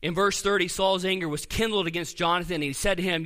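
A man preaching a sermon in a church sanctuary, his voice bright and forceful, pitched a little above most men. He reads scripture aloud with earnest emphasis and drops soft on key words. The sound rings with the long reverb of a large hall. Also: fairly even intonation, fast, few pauses. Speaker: pastor.

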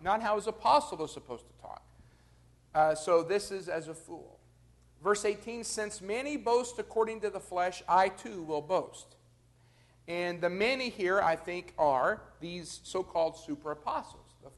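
Man, high voice, Bible study teacher, conversational, explains verse by verse, addresses the class. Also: animated, normal speed, gravelly.

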